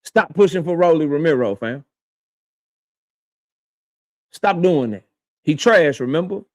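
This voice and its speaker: A man's voice: fairly high pitch, lively intonation, a little slow, dry recording. A man hosting a boxing channel, delivering a confrontational, profane commentary rant aimed straight at his target and repeating his points for emphasis. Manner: addresses his target directly.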